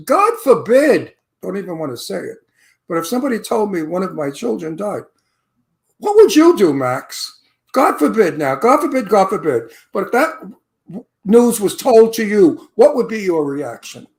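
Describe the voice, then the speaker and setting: High-voiced Brooklyn man telling stories. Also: moderate pace. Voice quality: animated, profane storyteller. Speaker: co-host. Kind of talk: casual chat.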